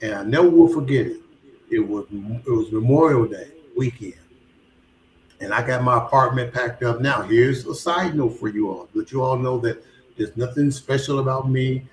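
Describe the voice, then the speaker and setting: A man in a casual conversation, telling a personal story with lively energy and slipping into the voices of the people he quotes. His voice sits at an ordinary middle pitch. It carries a roomy echo, with a faint hum underneath. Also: moderate pace. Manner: animated, acts out both sides of conversations.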